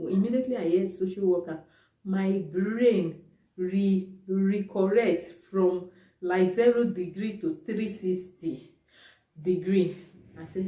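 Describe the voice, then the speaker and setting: A woman's voice: medium pitch, slow pace, dark tone. A woman vlogger talking casually to camera, stressing her points by repeating them. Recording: roomy, distant from the mic.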